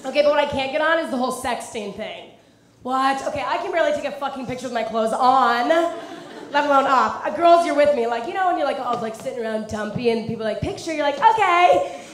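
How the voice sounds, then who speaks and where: Chatty young woman doing stand-up, high voice. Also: quick pace, slight background noise. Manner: chatty, peppered with "like", laughs at own jokes. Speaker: stand-up comedian. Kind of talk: stand-up set. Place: comedy club with live audience. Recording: echoey club with crowd. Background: audience laughter.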